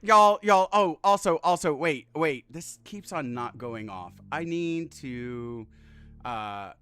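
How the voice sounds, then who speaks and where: A man streaming a game, chatting casually and excitedly, swearing often, laughing and thanking viewers warmly. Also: mid-range voice, slow. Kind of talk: casual live-stream chat.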